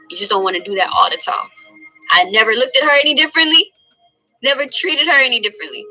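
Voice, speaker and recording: A woman teaching from the Bible in a casual, earnest way, slowly stressing key phrases. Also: a little high, sharp tone, soft background music, rough recording. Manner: earnest, conversational, drawn-out emphasis on key phrases.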